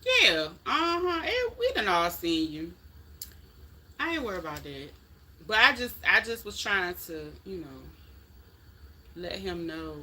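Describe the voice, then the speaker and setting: Bright-voiced chatty woman streamer. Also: lowish voice, sing-song, a little slow, pauses often, slight background noise. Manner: chatty, folksy, talks straight to viewers. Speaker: livestream host chatting with viewers. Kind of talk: casual live chat.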